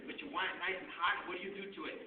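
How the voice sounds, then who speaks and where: A man's voice: high voice, level tone, rapid-fire. A man telling humorous stories as a guest speaker, mixing Spanish slang into his talk. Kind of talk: humorous personal storytelling. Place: school hall. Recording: far-off, echoey, tinny with noise.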